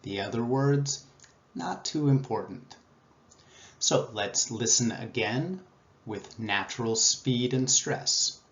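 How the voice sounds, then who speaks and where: Guy teaching english, reads real slow and leans on the stressed words, echoey kinda muffled room. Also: medium pitch, fairly bright tone. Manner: slow, deliberate modeling of word stress. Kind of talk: explaining a speaking test and reading model texts aloud.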